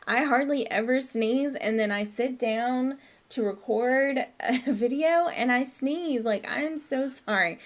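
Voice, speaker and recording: Slow, chatty woman giggling through gameplay. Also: mid-range voice. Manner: chatty, apologetic, giggly asides. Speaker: gameplay commentator. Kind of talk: casual let's-play commentary.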